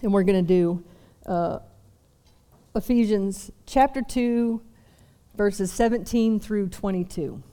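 A woman's voice: mid-range voice, takes it slowly, dark tone. A young woman preaching a sermon to a seated congregation, chatty with self-deprecating asides. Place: church service before a seated audience.

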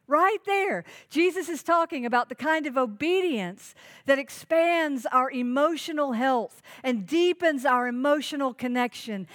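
A woman's voice: high-pitched, fairly bright tone. A woman pastor preaching a sermon, earnest and emphatic, asking the congregation questions.

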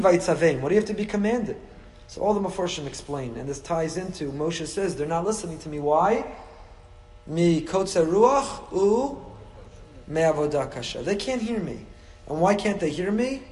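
A man leads a lively Torah lesson, his voice sitting somewhat high. He throws out rhetorical questions and briefly acts out lines from the text. A long reverb trails each phrase, as in a large hall. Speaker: rabbi teaching a Torah class.

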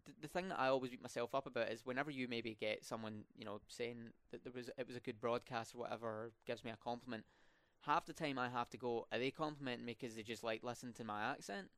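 A young Scottish man with rolling R's talks casually in a student podcast interview. His voice is smooth and resonant, picked up dry and close with no room sound. He often fills pauses and restarts his sentences. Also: mid-range voice, fairly even intonation, a bit bright, no echo. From Scotland. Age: young adult. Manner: rolled R's, many fillers and restarts.

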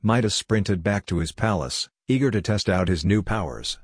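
A man's voice: lowish voice, animated, normal speed, breathy edge, no room sound, clean studio sound. A man narrating a scripted storybook in a plain, lightly humorous way.

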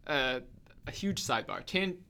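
A man co-hosting a podcast, chatting casually and rambling as he hunts for the right word. His voice is gravelly with a bright, forward edge. He fills his sentences with ums and uhs. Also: on the high side, very animated, normal speed. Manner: rambling, searching for words with many fillers. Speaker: podcast co-host.

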